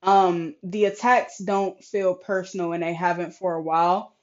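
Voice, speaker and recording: A woman's voice: lowish voice, level tone, normal speed, darkish tone. A young woman venting frankly and with exasperation in a casual vlog, swearing often and animatedly retelling conversations, with a slightly sore throat. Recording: slightly dull lo-fi recording.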